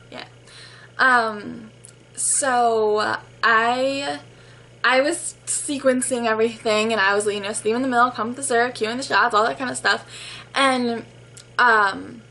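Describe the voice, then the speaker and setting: A woman's voice: a little high, fairly even intonation, measured pace, sharp tone, poor audio. A young woman telling casual stories about her barista job, chatty and full of fillers. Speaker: vlogger and barista. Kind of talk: casual storytelling.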